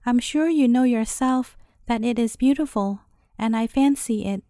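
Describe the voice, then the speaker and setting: A woman's voice: on the high side, normal speed, dark tone, no echo, clean studio sound, lightly acted. A woman voicing a shrewd old crone who tends Death's hothouse and bargains for a mother's hair in a storybook reading.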